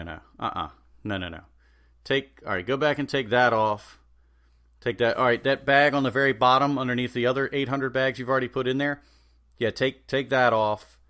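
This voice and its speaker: Brief: a man playing a fussy, bossy shopper who can't make up their mind, raised and pitched up. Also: fairly even intonation, normal speed, a bit bright, lightly acted. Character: demanding, indecisive shopper at a checkout.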